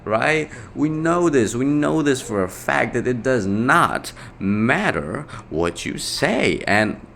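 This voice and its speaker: A man's voice: medium pitch, expressive, slow, gravelly, a bit bright, slight background noise. A young man talking on his own in a casual podcast monologue, rambling, correcting himself and swearing freely. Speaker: podcast host.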